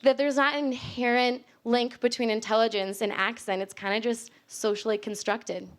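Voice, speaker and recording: A woman's voice: on the high side, fairly even intonation, moderate pace. A young American woman giving a casual public talk on linguistics to a live audience, chatty and laughing often. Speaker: linguistics speaker. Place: library event space with live audience.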